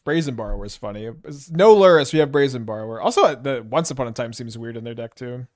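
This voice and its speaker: Talking fast in a mid-range voice, a Canadian-accented man offers loose, rambling commentary on a game. He thinks aloud and often restarts hesitantly.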